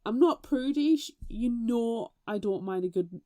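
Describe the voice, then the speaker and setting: A woman co-hosts a relaxed book chat with a mellow, warm tone. She tells animated stories, swears casually and slips into impressions of other people. Her voice sounds close and dry. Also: fairly high pitch, unhurried, no echo. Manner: animated, swears freely, mimics voices in anecdotes. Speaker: podcast co-host.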